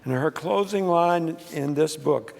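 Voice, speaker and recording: A man's voice: on the high side, a little slow, creaky, darkish tone. A man preaching a sermon, telling a story with frequent restarts and fillers. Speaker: pastor. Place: church sanctuary. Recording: long church reverb.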